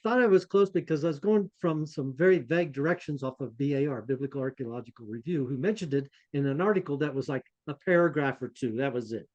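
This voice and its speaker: A man co-hosting a podcast, telling a travel anecdote in a casual, animated, self-deprecating way and laughing along. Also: medium pitch, fast talker, hardly any pauses, highs cut off. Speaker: podcast co-host.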